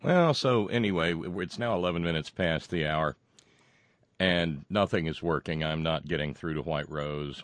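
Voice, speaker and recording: A man with a low voice and a drawl carries a solo podcast monologue. He rambles and restarts, with sardonic asides. The sound is close and dry, with no room around it. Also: moderate pace, fairly bright tone, dry recording. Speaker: podcast host.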